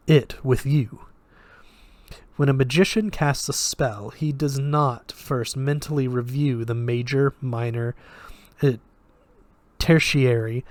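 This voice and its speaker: A man voicing a sardonic male magic professor who speaks in a flat, lecturing way with a Russian accent. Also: medium pitch, no room sound, lightly acted.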